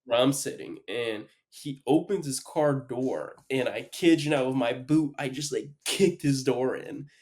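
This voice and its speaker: A man's voice: medium pitch, measured pace, hardly any pauses, darkish tone. A young man hosting a podcast, telling a long story in a casual, rambling way full of "like". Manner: rambling, heavy use of "like". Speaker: podcast host.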